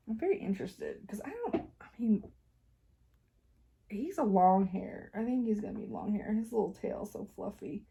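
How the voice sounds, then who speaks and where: A woman's voice: mid-range voice, expressive, moderate pace, vocal fry, mellow, husky. A woman, chatting casually as a cross-stitch vlogger at her home craft desk, rambling with lots of fillers and laughs.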